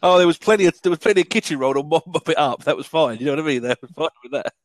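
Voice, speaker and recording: A man in a casual film review chat, rambling and animated, laughing often. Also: on the high side, racing, no echo.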